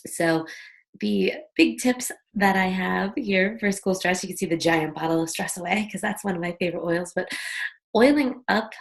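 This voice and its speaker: A woman's voice: lowish voice, gravelly. A woman hosting an online wellness workshop over a video call, talking in a friendly, chatty way and guiding listeners through a breathing exercise. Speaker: workshop host. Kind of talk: casual online workshop talk.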